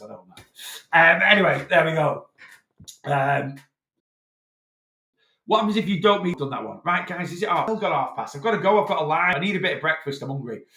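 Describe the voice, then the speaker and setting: A weight loss coach from Northwest England with a Lancashire accent answers questions in a live chat, explaining things and checking in with "right?" throughout. His voice is on the high side and sharp, with a reverberant sound.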